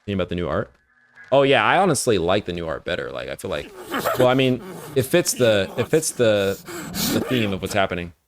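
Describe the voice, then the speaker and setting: A man's voice: on the low side, big pitch swings, brisk, background noise. Laid-back, slangy streamer man. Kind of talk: casual reaction commentary. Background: music.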